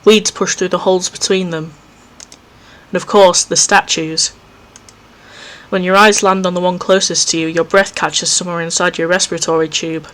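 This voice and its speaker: A man's voice: high-pitched, level tone, normal speed, fairly bright tone. Jumpy man reading a horror game aloud. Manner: reads game text aloud, breaks off with jumpy, self-mocking asides. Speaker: let's play host. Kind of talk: reading a visual novel aloud with commentary. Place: home recording setup.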